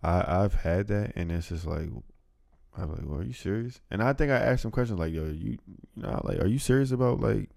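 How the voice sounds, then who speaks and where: A young man with a very deep, gravelly voice that rises and falls a lot. He chats in a laid-back, joking way on a podcast, close to a dry mic. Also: expressive, brisk, darkish tone, no echo. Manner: laid-back, joking, with sudden bursts of laughter. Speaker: podcast co-host. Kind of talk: casual chat.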